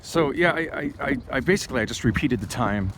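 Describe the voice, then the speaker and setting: A man talking to camera in a rambling, halting way, with many fillers and restarts, while out on a city street. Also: mid-range voice, lively intonation, noisy background. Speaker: vlogger. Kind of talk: casual vlog monologue.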